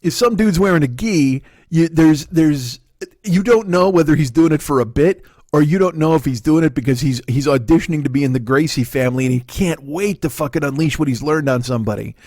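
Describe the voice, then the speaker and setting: A man's voice: on the high side, a little fast, a little mellow, no room sound, clean studio sound. A middle-aged man with a Chicago accent, hosting a comedy podcast in a rambling, profane storytelling monologue. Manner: profane, loose storytelling with frequent fillers.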